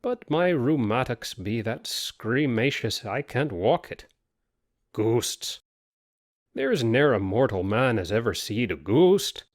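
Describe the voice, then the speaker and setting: A scoffing, gruff old countryman with stiff, aching legs and a broad rustic way of talking, his pitch swinging widely, as a man puts him on. He sounds dry and close, like a storybook reading. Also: very animated, slow, dry recording. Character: elderly countryman, tough, rheumatic.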